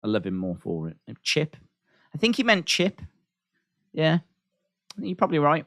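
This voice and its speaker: Male streamer, lively pitch swings, chatty live reactions, close dry sound. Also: moderate pace, pauses often, dry recording. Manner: animated, repeats lines, laughs at himself.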